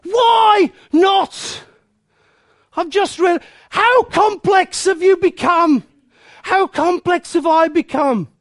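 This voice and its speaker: High-voiced, passionate male preacher. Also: slow, fairly bright tone, no room sound, studio quality. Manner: passionate, bursts into snatches of song. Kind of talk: sermon.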